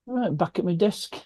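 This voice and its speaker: A man's voice: high-pitched, mellow, slightly rough, no room sound, studio quality. A man at his home desk chatting with friends online and telling a joke in a storytelling way. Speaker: guest friend on the stream. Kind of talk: casual chat and joke telling. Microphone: webcam or phone setup.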